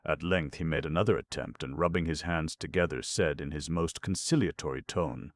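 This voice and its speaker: A man narrating a classic novel as an audiobook, in measured, dramatic storytelling. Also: very deep voice, no echo, clean studio sound.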